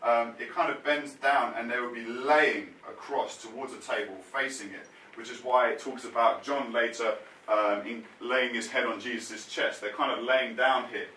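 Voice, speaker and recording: A man preaching a sermon, telling the story in a lively way with casual slang. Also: mid-range voice, normal speed, distant mic, slight background noise. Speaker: pastor. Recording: roomy sound, mic set back from speaker.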